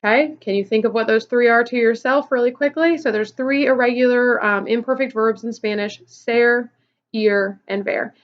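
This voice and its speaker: A woman teacher talks through a recorded lesson in a fairly high voice. She explains patiently, step by step, with frequent "okay" and "um". The sound is a little dull and lo-fi. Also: steady tone, moderate pace. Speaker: Spanish teacher. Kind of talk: recorded classroom lesson video.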